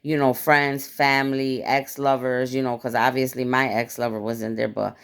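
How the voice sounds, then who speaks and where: Gravelly, profane woman recounting a dream. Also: extremely low pitch, moderate pace. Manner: animated storytelling, blunt and profane. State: dry mouth. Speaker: spiritual vlogger. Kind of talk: casual dream retelling to viewers.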